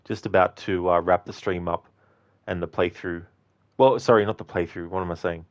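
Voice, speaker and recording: A man's voice: low voice, fairly even intonation, moderate pace. A man chatting casually on a game livestream, thanking viewers by name and rambling through asides. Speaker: game streamer.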